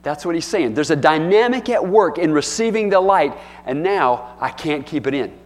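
A man's voice: a little high, expressive, normal speed. A man pastor preaching a sermon, telling folksy stories and acting out playful bits of dialogue. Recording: long hall reverb.

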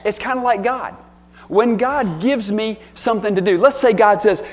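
A man's voice: sits high, moderate pace. A man pastor preaching a sermon, telling folksy stories and acting out playful bits of dialogue. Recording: long hall reverb.

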